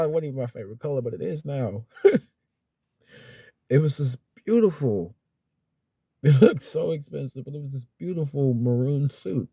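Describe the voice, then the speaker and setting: A man's voice: medium pitch, mellow, husky, dry recording. A young man telling a personal story in a vlog. He is sincere and rambling, with lots of fillers, and close to tears at times. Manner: rambling and heartfelt, with many fillers and restarts. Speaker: vlogger.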